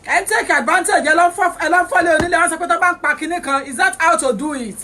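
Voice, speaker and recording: A woman born in England with a Nigerian Yoruba-English accent hosts a heated livestream rant, scolding her viewers and switching between English and Yoruba. Her very high voice is pushed and bright, she talks very fast, and there's slight background noise.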